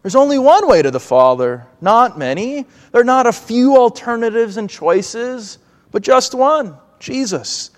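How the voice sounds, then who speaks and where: Male preacher, high-pitched, earnest measured delivery, reverberant space. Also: big pitch swings. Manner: earnest, measured preaching with acted pleading quotes. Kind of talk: sermon.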